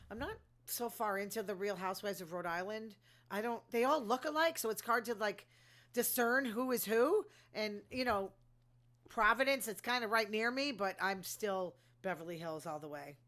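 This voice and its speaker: A woman's voice: medium pitch, brisk, a bit bright. A woman hosting her own show, giving a casual, opinionated recap of reality TV full of asides and fillers. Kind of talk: casual gossipy commentary.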